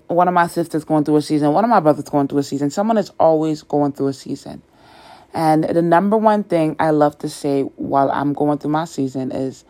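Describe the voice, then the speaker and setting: A woman's voice: low-pitched, darkish tone. A woman hosting a faith podcast, praying and talking earnestly with many repetitions. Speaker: podcast host. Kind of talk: prayer and faith talk.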